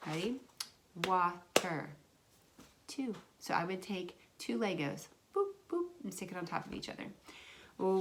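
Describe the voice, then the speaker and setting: A woman's voice: mid-range voice, noisy background. Sing-song woman teaching young kids. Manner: sing-song, drawn-out words for young children. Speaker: kindergarten teacher. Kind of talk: remote classroom lesson.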